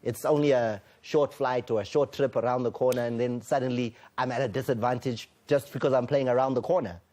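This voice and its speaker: A man's voice: mid-range voice, steady tone, brisk, a little mellow. A man presenting a sports show in the studio, leading a panel chat and playfully teasing his guests.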